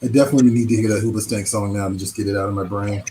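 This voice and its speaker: A man chatting and laughing as a panelist in a casual online game night, lively in his banter. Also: fairly low pitch, racing, slight background noise. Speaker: show co-host and panelist. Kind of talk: casual game chat over video call.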